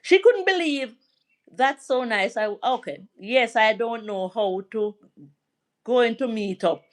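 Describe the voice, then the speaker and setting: A middle-aged Jamaican woman hosts a live stream, sharing a family story and replying to viewers' comments in casual chat. Her voice sits a little high, with lively intonation and a measured pace.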